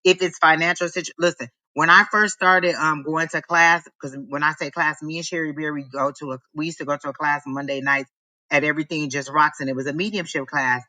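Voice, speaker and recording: A man's voice: a little high, steady tone, a little fast, bright, forceful tone, dry recording, poor audio. A man giving a live psychic reading, emphatic and repetitive as he urges the listener on. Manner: emphatic, repetitive, preachy encouragement. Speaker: psychic reader.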